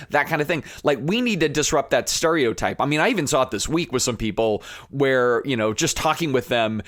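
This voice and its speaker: A man hosting a podcast, talking in an earnest, conversational way, with fillers and restarts, sometimes growing fired up and animated. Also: mid-range voice, a little fast, hardly any pauses, dry recording, clean studio sound. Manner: rising to animated emphasis when fired up. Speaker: podcast host. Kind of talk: impassioned podcast monologue.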